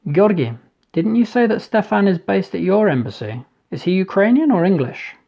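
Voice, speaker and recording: A courteous, welcoming party host, as a male narrator plays him, speaking warmly and a little livelier than the narration. His delivery is polite and easygoing. The recording is slightly dull and lo-fi. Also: high-pitched, big pitch swings, normal speed, vocal fry, pitched above the performer's own voice, heavily acted. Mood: friendly.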